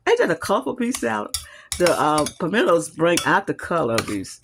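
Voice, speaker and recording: A woman hosting a home cooking video, demonstrating a recipe in a chatty, homey way and calling her viewers y'all. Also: fairly low pitch. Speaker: home cooking channel host. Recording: noisy kitchen with clattering utensils. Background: whisking, dishes and cutlery clinks.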